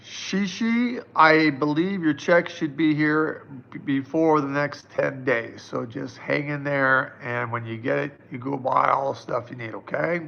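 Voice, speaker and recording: A man's voice: fairly high pitch, unhurried, creaky, few pauses, muffled recording. A man in his fifties, a psychic answering viewers' questions on a live stream in a casual, reassuring way. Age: 50s. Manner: casual, reassuring, chatty with many fillers.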